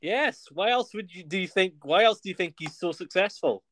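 A man's voice: sits high, lively intonation, brisk, fairly bright tone. A young man chatting casually on a podcast, joking and laughing easily, rambling through his points. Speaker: podcast regular. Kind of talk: casual chat.

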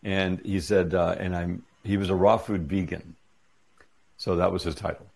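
A man's voice: deep voice, normal speed, creaky, slightly rough. A middle-aged man, an interview guest, telling a personal story in casual chat and acting out the dialogue as he goes. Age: 40s or 50s. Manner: animated retelling with quoted dialogue.

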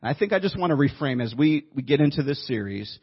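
A man with a husky, slightly breathy voice delivers a sermon in a relaxed storytelling manner, teasing his listeners now and then. The recording sounds dull and lo-fi, as though captured in a church room. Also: mid-range voice, fast talker. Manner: conversational storytelling, joking with the audience. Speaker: pastor. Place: church room before a congregation.

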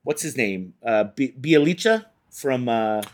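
A man's voice: medium pitch, expressive, a little slow. A man co-hosting a casual sports podcast, rambling with many hesitations. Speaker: podcast co-host.

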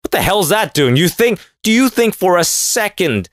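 A man delivering a casual comedic rant, sarcastic and profane, mocking people with quick put-on voices. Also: high voice, sing-song, no room sound, clean studio sound.

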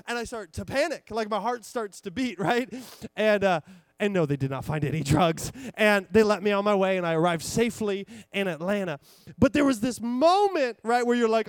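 A young man in his twenties preaching, telling a story with lively, rambling energy and many restarts. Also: high-pitched, a little fast, dry recording, clean studio sound. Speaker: pastor. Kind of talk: sermon. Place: church.

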